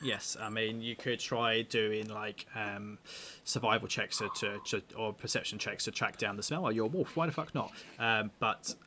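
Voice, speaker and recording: A man's voice: lowish voice, moderate pace, sharp tone, slight background noise. A man running a tabletop game as game master, reading room descriptions and chatting casually, self-mocking and swearing lightly.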